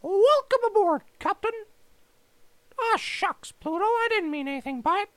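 A woman's voice: very high voice, lively intonation, no echo. A woman voice actor playfully recording a character voice demo reel. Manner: playful, switching voices rapidly.

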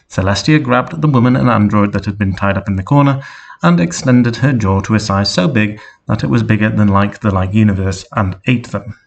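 A man narrating a story in a flat, deadpan reading. His voice is low and husky, with a gravelly rasp. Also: brisk. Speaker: reader.

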